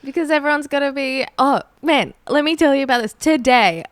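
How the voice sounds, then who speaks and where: Animated woman telling a story. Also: high voice, fairly quick, no room sound, studio quality. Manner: animated storyteller who laughs a lot and swears. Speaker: podcast host. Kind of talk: casual chat, telling a story.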